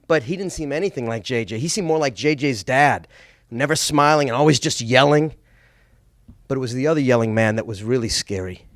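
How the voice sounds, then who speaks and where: A middle-aged man from Boston telling a personal story on stage, expressive with small stammers. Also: a little high, no room sound, clean studio sound.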